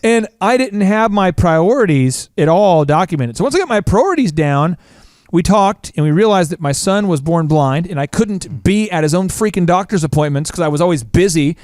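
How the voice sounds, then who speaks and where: A middle-aged man from Oklahoma hosting a podcast, telling stories in an animated, self-mocking way. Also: high-pitched, moderate pace, no echo, studio quality. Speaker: podcast host. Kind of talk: casual chat.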